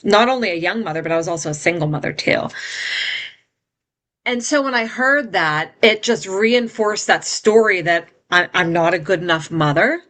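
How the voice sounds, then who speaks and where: A woman's voice: lowish voice, a bit bright. A middle-aged woman telling a painful personal story as an interview guest, in an earnest, heartfelt way.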